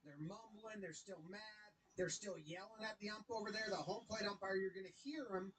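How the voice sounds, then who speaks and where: A woman giving casual commentary on a video clip, animated and swearing, often slipping into voices. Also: medium pitch, a little fast, crowd noise, rough recording.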